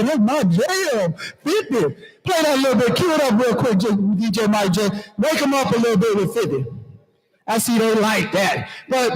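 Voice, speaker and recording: A man's voice: extremely high pitch, rough recording. A man emceeing a conference from the stage, playful and preachy, talking straight to the crowd. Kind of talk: lively stage emcee talk. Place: conference hall.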